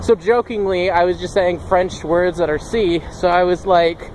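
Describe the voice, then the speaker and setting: A man's voice: high voice, fairly even intonation, moderate pace, a little mellow, a little hiss or hum. A young man telling a funny story in a casual vlog, rambling and laughing often.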